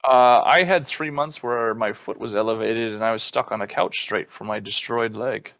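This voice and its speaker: Gravelly man, dry close sound, animated storyteller, swears a lot, casual podcast chat. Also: medium pitch, normal speed, no echo, dull audio. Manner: animated storyteller, swears freely, acts out quotes. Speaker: podcast co-host.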